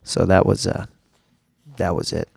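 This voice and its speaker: Hoarse, rambling man hosting a podcast. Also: sits low, a little slow, no echo. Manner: rambling, self-mocking, excitable. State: hoarse from laryngitis. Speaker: podcast host. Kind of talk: casual solo podcast chat.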